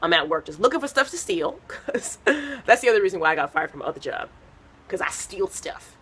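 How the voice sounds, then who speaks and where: A woman's voice: lowish voice, sing-song, fairly quick, a bit bright, breathy edge. A woman from a Haitian American family doing a stand-up set, telling rambling stories full of fillers. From United States, Haitian American family. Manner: chatty, rambling storytelling with many fillers. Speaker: stand-up comedian.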